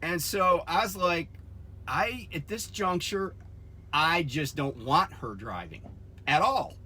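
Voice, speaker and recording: A man who trains truck drivers tells a story for his vlog in a hot, profane rush, bursting into shouts whenever he quotes himself. His voice sits a little high and sounds bright and pushed. The whole story comes across as an angry retelling. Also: animated, takes it slowly, slight background noise.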